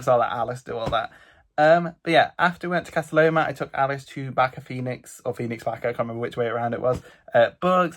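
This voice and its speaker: Chatty British guy recapping travels. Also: mid-range voice. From England. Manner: chatty, animated storytelling with lots of "like". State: stuffy nose. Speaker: vlogger. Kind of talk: casual travel vlog recap.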